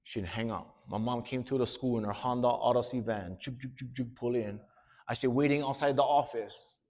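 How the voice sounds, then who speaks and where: A man from Hawaii who speaks with a Hawaiian Pidgin accent tells a story to students, laughing and animated as he slips into character voices. He is a motivational speaker with a mid-range, brisk voice.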